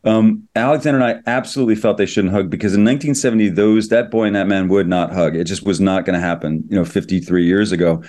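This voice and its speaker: A middle-aged man, a screenwriter, telling stories in an interview with quick enthusiasm and many restarts. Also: fairly low pitch, darkish tone. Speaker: screenwriter and producer. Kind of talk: interview, anecdotal storytelling.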